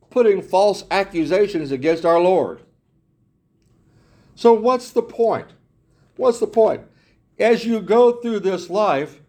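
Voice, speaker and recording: Guy preaching a sermon, kinda high voice, keeps restarting and repeating himself, asks lots of questions. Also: a little mellow. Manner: earnest, repetitive, frequent restarts and rhetorical questions.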